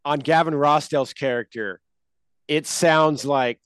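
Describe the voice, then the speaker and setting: Man with a slightly high voice, joking. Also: unhurried, dry recording. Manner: joking, playful nitpicker. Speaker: podcast guest. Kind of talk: casual movie podcast chat.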